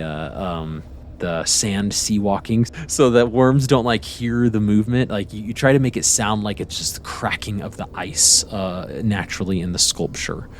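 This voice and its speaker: A man narrating a tabletop game as game master, rambling in a relaxed way. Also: deep voice, a little hiss or hum.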